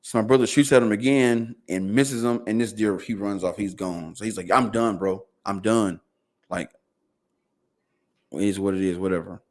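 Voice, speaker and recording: A man's voice: on the low side, normal speed. A man guest on a podcast telling a long story in loose casual speech, acting out what his family said. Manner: animated, acts out quotes of family.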